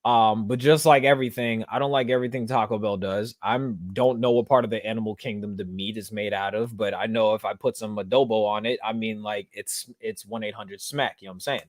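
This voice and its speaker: A man hosting a solo podcast, talking earnestly and casually, often filling pauses with "you know what I'm saying.". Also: lowish voice, fairly even intonation, no room sound, studio quality. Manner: earnest, conversational, full of fillers. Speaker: podcast host.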